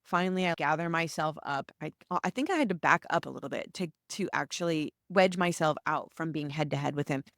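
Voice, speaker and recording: Give me an American woman with a slightly low voice, telling stories in an animated, chatty way. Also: brisk, few pauses, no echo, studio quality. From United States. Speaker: podcast host. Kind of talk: solo storytelling podcast.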